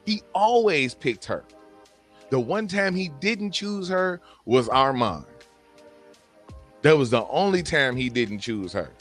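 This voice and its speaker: A man hosting a relaxed chat stream, arguing his case in a lively, slangy way. His voice sits at a mid pitch, and soft music plays low behind him. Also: slow, pauses often. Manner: animated, slangy, argues his point. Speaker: stream host. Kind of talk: casual chat.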